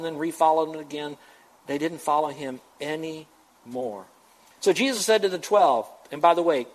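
A man's voice: on the high side, low-quality recording. A man preaching a sermon as pastor, emphatic and full of rhetorical questions to his congregation.

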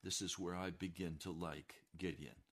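A man preaching a sermon with passion, dropping to hushed warnings and rising to loud declarations. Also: low voice, fairly even intonation, normal speed. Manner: impassioned, swings between hushed warnings and raised declarations.

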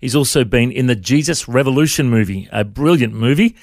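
A man's voice: mid-range voice, fairly quick, no echo, clean studio sound. A man with an Australian accent hosting an interview, friendly and calling his guest mate. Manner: friendly, says mate often. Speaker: podcast host.

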